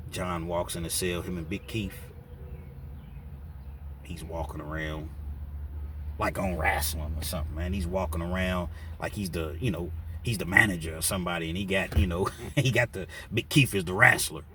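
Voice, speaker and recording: A man's voice: sits low, normal speed, pauses often, background noise. A man telling a story in a casual, slangy way, acting out what people said. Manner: animated, slangy, acts out quotes.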